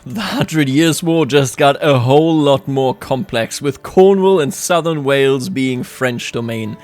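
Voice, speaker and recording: A man's voice: medium pitch, unhurried, darkish tone. A man giving sarcastic, jokey let's-play commentary on a strategy game, often laughing at his own remarks. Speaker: gaming YouTuber.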